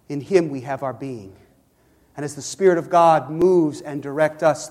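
Man pastor, high voice, sermon, call-outs to the congregation, long church reverb. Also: darkish tone. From Chicago. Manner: preaching with rising emphasis and audience call-outs. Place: church sanctuary.

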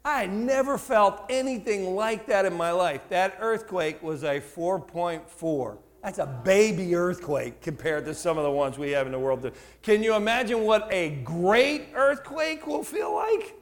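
Male preacher, high voice, animated storytelling, sermon to a congregation. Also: unhurried, hardly any pauses. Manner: animated storyteller, shouts for emphasis, asks the audience questions. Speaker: pastor. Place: church before a congregation.

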